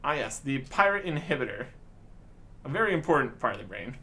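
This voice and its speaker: A man's voice: medium pitch, big pitch swings, a little fast, bright, forceful tone. A man hosting a gaming video, making wry, joking asides while reading quest dialogue. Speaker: gaming channel host. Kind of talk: casual gameplay commentary.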